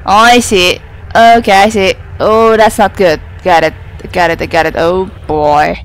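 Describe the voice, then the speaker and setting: Unhurried woman laughing through a game. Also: lowish voice, steady tone. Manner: laughs easily, drawn-out reactions. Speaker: co-op game player. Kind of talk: casual gaming chat.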